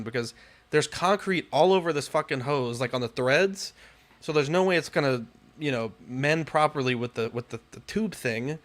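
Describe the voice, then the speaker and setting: A man's voice: a little high, moderate pace, a bit bright. Young man, podcast co-host, casual storytelling, frustrated and profane. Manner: exasperated, swears a lot, rants with rising outbursts.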